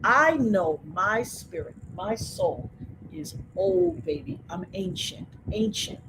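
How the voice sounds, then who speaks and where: A woman hosting a livestream rants casually to her chat, speaking directly to viewers in an emphatic, preachy manner. Her mid-range voice is animated but slow-paced, with background noise audible.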